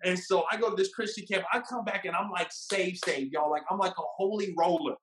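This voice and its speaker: A man telling a casual story about his first date, animated and laughing, acting out what people said. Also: high voice, a little fast, roomy sound, a little hiss or hum. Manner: animated, laughing, acts out quotes.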